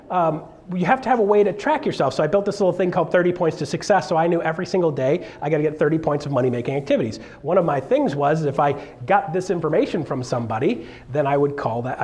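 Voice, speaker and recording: A high-voiced man coaching a live seminar room in a joking, animated way. He slips into quick impressions of clients and his wife as he explains his steps. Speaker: real estate coach.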